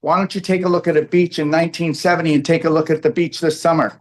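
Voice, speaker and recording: A man lecturing to a live audience in a room, his voice sitting fairly high for a man. He rambles and presses his points hard, forever tacking on okay and all right. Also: level tone, fast.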